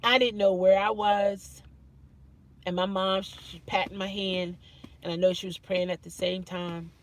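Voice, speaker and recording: A woman's voice: mid-range voice, little pitch movement, a little slow. A woman vlogger telling a personal story to camera in an earnest way, often repeating phrases and restarting her sentences.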